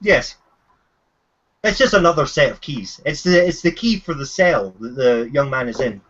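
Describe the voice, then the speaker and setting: A man running a tabletop game as game master, narrating haltingly and repeating words, in a dull lo-fi recording. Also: mid-range voice, expressive, a bit bright.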